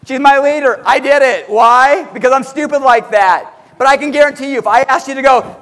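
A very high-pitched man fires up a sales crowd in a big hall, his voice ringing with long reverb. He talks loud and excitable, jumping into little acted-out quotes. The sound is a live stage talk before an audience. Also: fairly quick, a little hiss or hum. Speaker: motivational speaker at a sales meeting.

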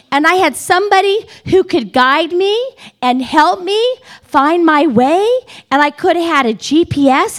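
Animated high-voiced woman telling a story. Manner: animated, dramatic, repetitive build-up with wailing high quotes. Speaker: speaker at a women's gathering. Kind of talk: humorous personal storytelling to a live audience.

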